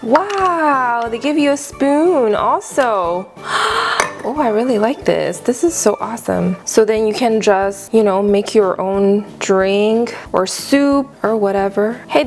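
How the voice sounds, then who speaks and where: A woman hosts a casual unboxing review, gushing over each item with gasps and delighted exclamations. Her voice sits a little high and she talks at an unhurried, drawn-out pace. Soft music plays faintly underneath. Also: lively intonation. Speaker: unboxing channel host.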